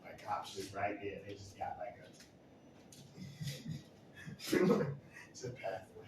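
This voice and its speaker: A man's voice: sits low, slow pace, long pauses. Man telling a story in an echoey room. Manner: animated, acts out quotes, laughs often. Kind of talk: casual anecdote storytelling. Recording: echoey room, distant mic, steady noise.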